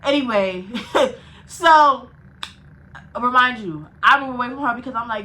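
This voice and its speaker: A young woman spins a casual storytime vlog with a bright, forward voice that sits a little above the usual pitch. She talks in an animated, profane run, breaking into laughs between phrases. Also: measured pace, a little hiss or hum, rough recording. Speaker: vlogger.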